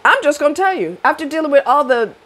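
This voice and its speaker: Very animated and fast-talking, this middle-aged woman delivers crude, no-nonsense dating tips to camera. Her voice turns loud and high whenever she starts ranting.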